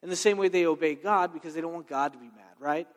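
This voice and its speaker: A man preaching a sermon in a conversational, animated way, full of personal stories and checking in with "right?". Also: a little high, quick pace. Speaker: pastor. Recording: long reverb of a large hall.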